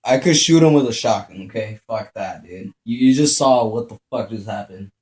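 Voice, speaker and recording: A man's voice: on the low side, normal speed. A man giving profane gameplay commentary. He mutters to himself and yelps in panic when startled. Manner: mutters quietly to himself between outbursts. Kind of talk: profane let's-play commentary. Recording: roomy echo with steady background noise.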